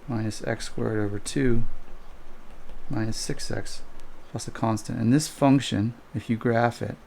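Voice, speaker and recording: A man's voice: mid-range voice, fairly even intonation, unhurried, vocal fry, a little mellow, slight background noise. A man teaching calculus in a recorded homework walkthrough, thinking aloud as he sketches graphs and corrects himself. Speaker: math teacher.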